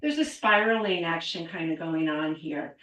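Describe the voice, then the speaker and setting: A woman's voice: low voice, normal speed, a bit bright, recorded from a distance. A middle-aged woman teaching a qigong class, counting aloud and cueing movements while a little out of breath. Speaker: qigong instructor. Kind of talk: guided exercise class. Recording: echoey room, voice away from mic.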